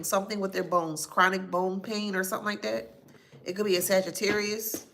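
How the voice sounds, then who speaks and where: A woman does a psychic reading to camera, listing names and places she claims to hear and spelling some out letter by letter. Her mid-range voice is gravelly and fairly bright, with fairly even intonation and a fairly quick delivery.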